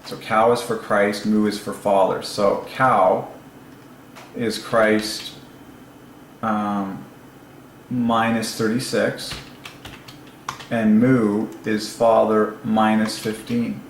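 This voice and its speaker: Man, gravelly voice, excited solo musing, lapel mic, echoey room. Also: lowish voice, drawn-out words, long pauses, a little hiss or hum. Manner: excited, laughing, musing aloud. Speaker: religious channel host. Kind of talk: solo casual commentary.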